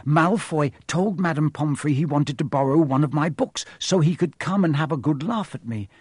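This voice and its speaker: A fretful schoolboy frets and panics out loud, as a male storybook reader puts him on. The voice lifts a little above the reader's own and is caught close and dry. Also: on the high side, normal speed, breathy edge, no echo. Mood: worried. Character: anxious young schoolboy, worried and sweaty.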